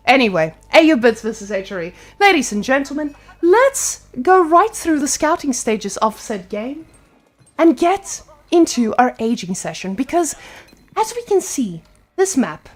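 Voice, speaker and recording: Playful woman esports caster. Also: a little high. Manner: playful, joking. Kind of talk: live game commentary.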